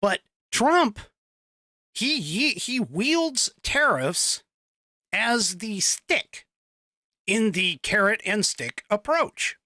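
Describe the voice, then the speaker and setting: A man hosts a political podcast, talking in an animated, mocking way and laughing at his own jokes. His voice sits fairly high, with a lively, swinging pitch and a bright, forceful edge. The recording is dry and close. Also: very slow, no echo. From United States. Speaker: podcast host. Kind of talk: opinionated political commentary.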